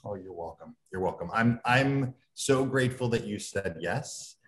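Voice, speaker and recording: A man hosting a livestreamed book launch as publisher, speaking haltingly with many fillers and restarts. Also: on the low side, animated, a little hiss or hum.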